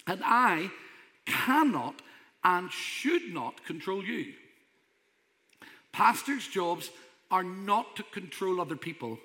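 A man's voice: high-pitched, sharp tone. A man preaching a sermon as pastor, emphatic and conversational. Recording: long hall reverb.

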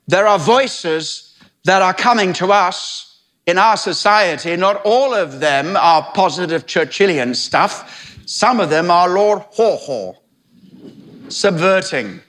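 A preacher in his sixties delivers a sermon as a dramatic story, with dry, wry asides. His voice sits somewhat high for a man. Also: a bit bright. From Britain.

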